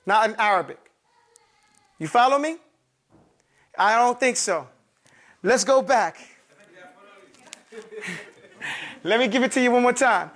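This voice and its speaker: A man with a very high, slightly bright voice explains grammar at the board in a classroom lesson. He repeats words often and keeps checking that students follow, asking "okay?" and "you follow me?"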